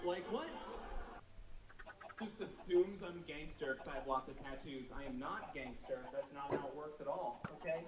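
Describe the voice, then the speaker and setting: Man, stand-up comedy set, high voice, self-mocking, deadpan, distant noisy live recording. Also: normal speed, echoey room. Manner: deadpan, self-mocking storytelling with rhetorical questions. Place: comedy club stage.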